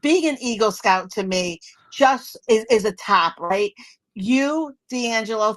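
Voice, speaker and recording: A woman's voice: on the high side, expressive, slow, no echo. Effusive, teary woman host. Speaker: podcast host. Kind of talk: interview, heartfelt address.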